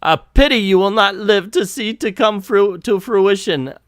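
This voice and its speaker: A man's voice: high-pitched, a little slow, no echo, clean studio sound, voice pushed up. A man voicing a gloating male villain scientist from a war comic.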